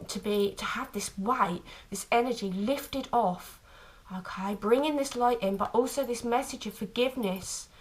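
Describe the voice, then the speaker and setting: A woman giving an intuitive tarot reading to camera, speaking tenderly and haltingly, with frequent restarts. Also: on the high side, rough recording. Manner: tender, calls listener "my lovely"; halting, many restarts and fillers. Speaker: tarot reader.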